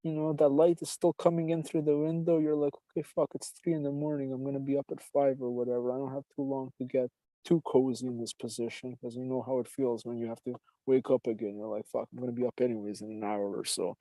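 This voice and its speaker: A man's voice: mid-range voice, little pitch movement, fast, warm tone, no room sound, rough recording. A man hosting a podcast, telling a long rambling personal story in a casual, profane way and calling the listener brother. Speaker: podcast host.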